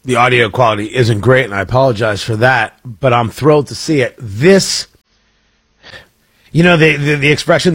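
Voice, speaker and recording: A man hosting talk radio, reading an ad live and then commenting, in an energetic, emphatic and repetitive way. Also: mid-range voice, moderate pace, slightly rough, no room sound.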